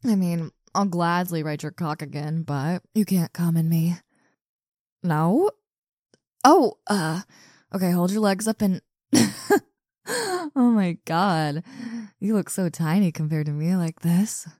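A woman's voice: on the low side, animated, takes it slowly, long pauses, darkish tone, no echo, clean studio sound. A young woman voicing a cocky, domineering muscular college woman in an intimate audio role-play, teasing and mocking with frequent giggles. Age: young adult.

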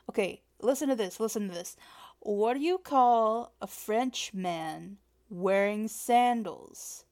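A woman's voice: medium pitch, slow pace, darkish tone. A woman in a whispered role-play, teasing and playful, laughing often and cracking corny jokes. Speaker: audio role-play performer.

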